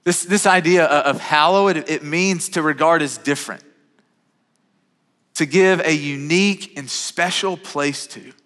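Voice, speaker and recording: A pastor in his thirties delivers a sermon in a lively, conversational flow at a measured pace, stumbling over and repeating words. His voice is slightly high and sharply bright, and the church sanctuary gives the recording a long reverberation.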